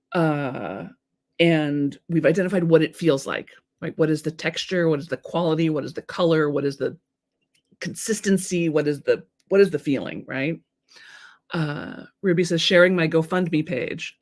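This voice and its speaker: A woman with a fairly low voice hosts a live-streamed coaching talk. She's frank and animated, swears casually, and reads viewer comments aloud.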